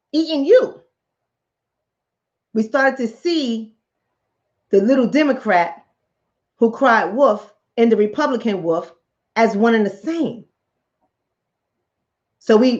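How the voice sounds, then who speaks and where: A woman hosting her channel, telling a political fable and acting out each character's lines in a lively storytelling manner. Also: a little high, muffled recording. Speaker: channel host, relationship coach. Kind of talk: political commentary told as a fable.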